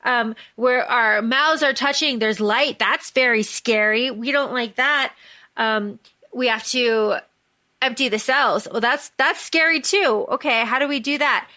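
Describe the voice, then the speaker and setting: A woman co-hosting a book podcast, recapping the plot in casual chat, animated and swearing freely. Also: a little high, unhurried. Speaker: podcast co-host.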